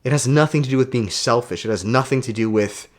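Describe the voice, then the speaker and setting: A man's voice: mid-range voice, fast. A man who coaches self-development, talking straight to his camera in a casual motivational vlog, emphatic and preachy and swearing freely.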